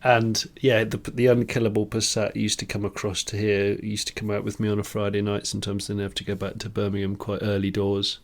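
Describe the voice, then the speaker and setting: A man's voice: lowish voice, completely flat delivery, brisk, few pauses. A man co-hosting a podcast, telling rambling anecdotes in casual chat, full of restarts and laughs. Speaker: podcast co-host.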